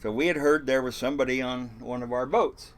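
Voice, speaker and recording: An older fishing boat captain rambles through stories in a casual interview, cursing freely and chuckling as he restarts again and again. His voice sits in the middle range, holds a steady tone, and moves a little fast.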